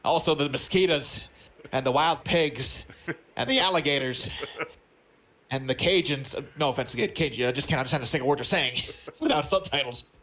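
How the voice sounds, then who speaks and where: A man's voice: mid-range voice, brisk, sharp tone. A man co-hosting a movie watch-along, rambling and joking as he searches for words. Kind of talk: casual chat.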